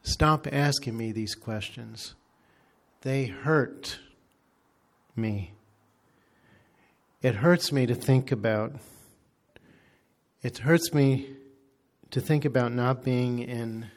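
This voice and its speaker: Preacher putting on a sorrowful fallen demon; slow, low and pained, never theatrical. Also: male voice. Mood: regretful, pained. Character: regretful fallen male demon, bitter and anguished.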